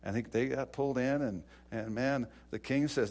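A man preaching an informal sermon, retelling Bible stories in an animated way with many fillers and restarts. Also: mid-range voice, normal speed.

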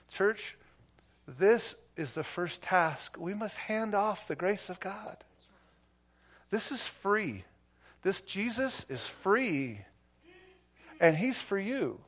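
This man has a high voice and is preaching as a pastor. His sermon swings from soft, intimate passages to loud, emphatic ones, with stories and mild self-deprecating remarks woven in.

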